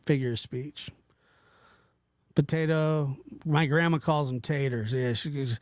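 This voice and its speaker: A man hosting a casual livestream, talking to his chat in a rambling, animated way, often stopping and restarting. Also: mid-range voice, unhurried, dry recording, studio quality. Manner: animated, rambling, self-interrupting, mimics voices in quotes. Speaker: livestream host reading chat.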